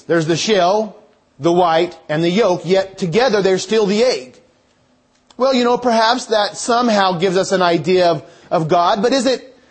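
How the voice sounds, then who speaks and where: A man's voice: sits high, husky. A man preaching a sermon in a conversational way, thinking aloud and restarting his phrases.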